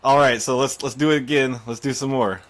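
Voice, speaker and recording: A man giving live gameplay commentary, excitable and panicky, quick to laugh and curse. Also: medium pitch. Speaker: gaming YouTuber.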